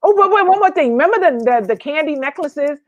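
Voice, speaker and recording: A playful woman co-host with a high voice chatters and laughs through a casual online show. She keeps slipping into joking accents. The sound is dry and close. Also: animated, fast, dry recording, dull audio.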